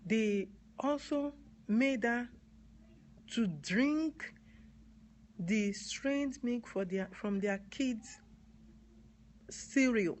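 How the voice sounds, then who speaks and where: A Nigerian woman with a Nigerian accent and a slightly high voice talks extremely slowly on a live stream, pausing often, with slight background noise. As an advocate answering viewers' comments, she speaks earnestly, repeating key words and spelling some out.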